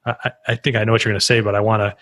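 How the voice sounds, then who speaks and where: A man hosting a podcast conversation, thinking out loud and restarting his sentences as he goes. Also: lowish voice, little pitch movement, very fast. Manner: thinks aloud with repeated starts. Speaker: podcast host. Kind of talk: conversational interview.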